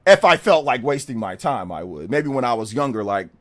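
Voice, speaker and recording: A man's voice: mid-range voice, sing-song, a little fast. A middle-aged man streaming live, combatively mocking viewers in his chat and laughing them off.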